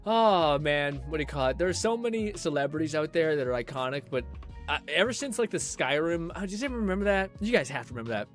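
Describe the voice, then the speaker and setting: A man's voice: a little high, animated, quick pace, faint music behind. A young man streamer giving casual, rambling reaction commentary, laughing and swearing often.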